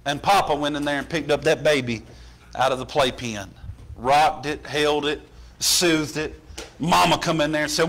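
A pastor preaching a sermon, building from plain storytelling to impassioned shouting in a church. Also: male voice, medium pitch, fairly even intonation, moderate pace.

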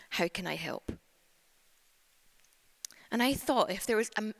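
A woman's voice: mid-range voice, fairly bright tone, no echo. A woman preaching a church sermon in an earnest, heartfelt way. Her voice sits in a middle range. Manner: earnest, gets emotional and laughs through tears. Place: church service.

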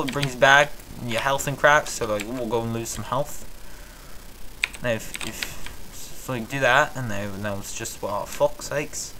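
Young man, put-on British accent, rambling gameplay commentary, frequent swearing, middle pitch. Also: pushed and bright, slight background noise. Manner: rambling, heavy swearing, stammering restarts. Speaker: gaming channel host.

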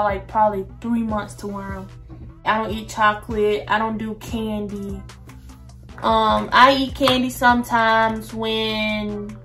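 A woman's voice: mid-range voice, fairly bright tone. A young woman, chatting casually to her viewers in a get-to-know-me vlog. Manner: chatty, addresses viewers as "y'all". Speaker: vlogger.

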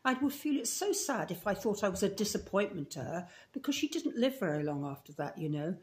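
A woman's voice: mid-range voice, sing-song, fairly quick, close to an everyday voice. A woman with a Scottish accent reading aloud as a talkative, romantic eleven-year-old orphan girl in a storybook. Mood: chatty. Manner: gushing, romantic, breathless run-on talk.

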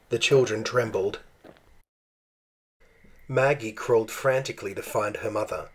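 A man reading a children's picture book aloud in a slow, expressive storytelling manner. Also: fairly low pitch, slight background noise. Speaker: storybook reader.

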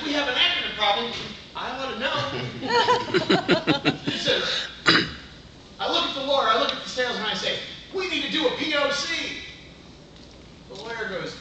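A middle-aged man giving a humorous contest speech with punchy comic timing and quick asides, to an audience in a large meeting room. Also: extremely high pitch. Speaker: contest speaker. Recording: echoey room from far off. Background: audience laughter and room noise.

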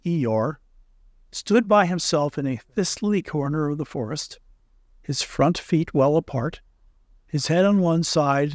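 Guy reading a kids story aloud, calm and gentle, bit of a higher voice, dry sound. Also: no echo. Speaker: audiobook reader. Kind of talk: storybook narration.

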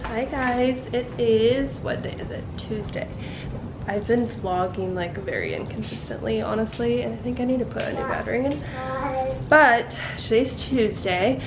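Chatty young woman vlogging over loud noise. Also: on the high side, moderate pace. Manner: chatty, rambling, lots of "like" and "um". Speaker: vlogger and mom. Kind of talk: casual vlog chat.

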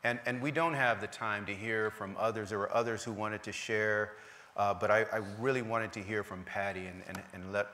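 Pastor guy, bright forceful voice, reading scripture with lots of emphasis. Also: fairly low pitch. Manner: fervent, emphatic preaching.

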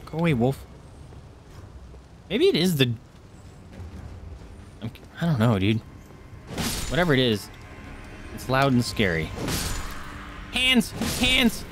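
A man's voice: mid-range voice, very animated, measured pace, long pauses, over music. A man streaming a video game, commenting live, shifting from muttered asides to startled yelps and swearing. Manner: jittery, swings between mumbling and startled yelps. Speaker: gaming streamer.

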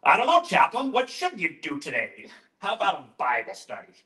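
A man's voice: a little high, wildly swooping pitch, a little fast, pushed and bright, recorded from a distance, full character voice. A man voicing a grumpy, barking female nurse manager, in a roomy echoing space. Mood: gruff.

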